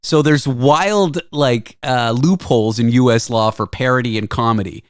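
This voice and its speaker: A man's voice: medium pitch, normal speed, clear, resonant tone, no room sound, clean studio sound. A man hosting a radio talk show in a casual, jokey chat. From Canada. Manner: lively and chatty, jokey. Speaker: radio host. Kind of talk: casual conversation.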